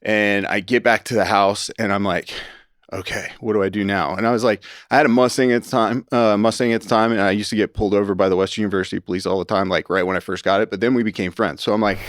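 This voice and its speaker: A man's voice: on the low side, fairly even intonation, quick pace, a bit bright, no echo. A man from Houston, Texas, telling his personal story as a podcast guest in a studio. He rambles with plenty of "like" and "right?" and acts out the voices of the people in his story. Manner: acts out quoted dialogue with shifts in tone.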